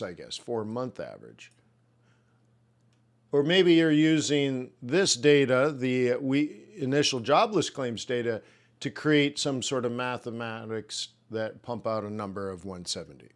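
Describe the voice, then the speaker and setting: A man hosting a live trading webinar, loosely musing on jobs data and answering viewers' questions in a joking way. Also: medium pitch. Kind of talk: live market commentary to chat.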